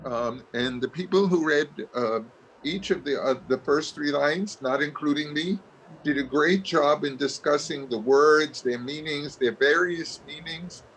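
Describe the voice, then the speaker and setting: A man's voice: fairly high pitch, measured pace, fairly bright tone, slight background noise, poor audio. A man in a study class on a video call, reporting back on his group with many fillers and restarts.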